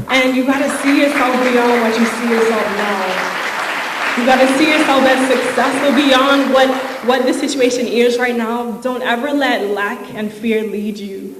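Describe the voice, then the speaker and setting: A young woman delivers an inspirational, faith-filled commencement speech that is casual, emotional, and full of fillers. Her slightly high voice has fairly even intonation at a normal speed, and the ceremony's large hall adds echo and crowd noise.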